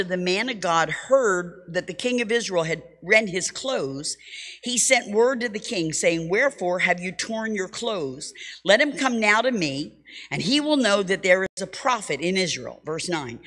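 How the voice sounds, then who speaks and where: Woman Bible teacher in a reverberant hall. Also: mid-range voice. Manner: lively storytelling, reads scripture with drama; humorous asides. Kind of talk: teaching sermon.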